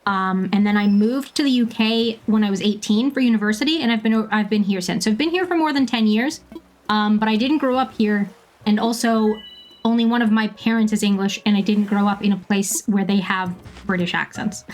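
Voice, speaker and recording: A woman around thirty from Bermuda, chatting casually with viewers while she plays a game, laughing often and filling pauses with ums. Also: mid-range voice, faint music behind. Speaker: streamer.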